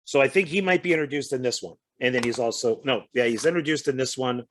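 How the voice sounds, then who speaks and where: A man co-hosting a relaxed film discussion, with a middle-pitched voice. He talks in a chatty way, hesitates, and stumbles over his words. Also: fast talker, a little hiss or hum. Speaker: co-host. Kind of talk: casual chat.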